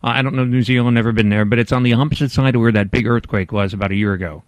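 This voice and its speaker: A man's voice: mid-range voice, fairly even intonation, racing, no echo. A man hosting a pet radio show, chatting casually and laughing easily.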